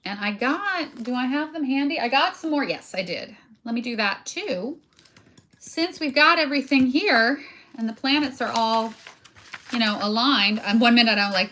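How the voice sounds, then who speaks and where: A woman's voice: a little high, normal speed, a bit bright, slight background noise. A woman chatting casually to her viewers while she works on a craft project, joking about herself as she goes. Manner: chatty, self-deprecating, talks while working with hands. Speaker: crafting video host.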